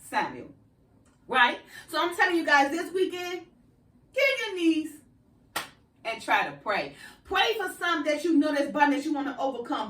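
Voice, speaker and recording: A woman with a high, fairly bright voice preaches an informal sermon, conversational and peppered with "right?" and "you know." She sits some way back from the microphone in an echoey room.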